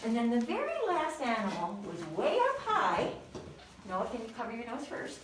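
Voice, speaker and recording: A woman teaches a group of small children with a high voice that swings up and down. She prompts them in a gentle, sing-song way and praises each answer. She is picked up from across a very echoey classroom, with faint noise underneath. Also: huge pitch swings, moderate pace. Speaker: preschool teacher. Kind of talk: leading a children's Christmas lesson. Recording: very echoey room, distant mic.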